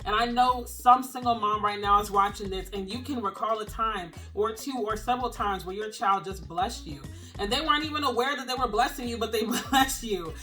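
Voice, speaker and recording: A woman's voice: on the high side, fairly quick, sharp tone, faint music behind. A young woman, speaking earnestly and emotionally to camera as a single-mom vlogger, using casual phrasing. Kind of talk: heartfelt encouraging talk to camera.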